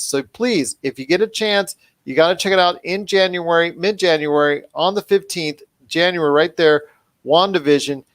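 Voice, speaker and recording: A man's voice: fairly high pitch, dry recording. A man hosting a pop culture podcast, talking enthusiastically and rambling with restarts. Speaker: podcast host. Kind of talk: casual podcast chat.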